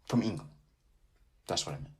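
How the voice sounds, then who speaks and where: A man's voice: low-pitched, expressive, a little fast. A man hosting a casual sports podcast, joking around, repeating his phrases and sliding into a sing-song delivery. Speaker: podcast host.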